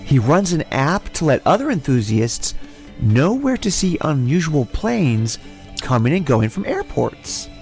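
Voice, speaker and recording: Gravelly, animated man hosting a podcast. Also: a little high, unhurried, soft background music. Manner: profane, animated news recapping. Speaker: podcast host. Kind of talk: casual chat.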